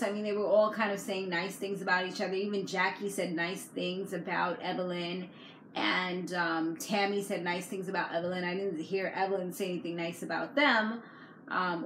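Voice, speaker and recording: A woman vlogger recapping a reality TV episode in a chatty, slangy way, laughing often. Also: on the low side. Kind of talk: casual chat. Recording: echoey room with faint background noise.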